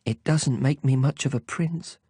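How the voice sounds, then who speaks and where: A man voicing a small, earnest boy prince in an audiobook, speaking high, soft and wistful. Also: normal speed, slightly rough, no echo, clean studio sound. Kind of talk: audiobook character voice.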